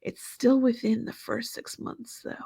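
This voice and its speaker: A woman co-hosting a podcast, talking in a casual, blunt and opinionated way with quick asides. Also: a little high, level tone, creaky, mellow, breathy edge, dry recording, studio quality. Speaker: podcast co-host. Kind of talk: casual recap chat.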